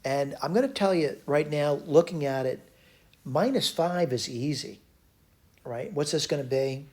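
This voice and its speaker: Math teacher working through a problem. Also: male voice, on the high side, unhurried, a little mellow, breathy edge. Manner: talks to himself while working problems, frequent self-corrections. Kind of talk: recorded math lecture.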